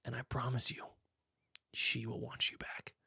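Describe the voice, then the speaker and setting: A man putting on a soft, low whispered voice as a wedding videographer coaching a groom, in whispered role-play. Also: monotone, a little slow, gravelly, slightly rough, no room sound, clean studio sound, full character voice. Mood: hushed coaxing.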